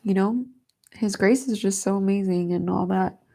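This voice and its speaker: A woman's voice: mid-range voice, moderate pace, vocal fry, warm tone. A woman hosting a devotional livestream, reading Bible verses aloud and chatting in an earnest, emotional way while fighting back tears. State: tearful. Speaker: host of a Christian livestream.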